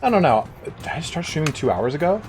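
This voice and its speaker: Chatty male game streamer, animated delivery, soft music under him. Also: a little high, a little fast. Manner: chatty, greets viewers, bursts into excited reactions. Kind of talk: casual live-stream commentary.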